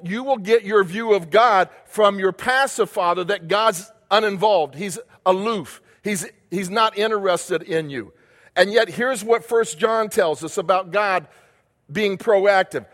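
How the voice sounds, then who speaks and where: A man's voice: high-pitched, unhurried, fairly bright tone. A man preaching a sermon as pastor, emphatic and repetitive, asking rhetorical questions of the congregation. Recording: long hall reverb.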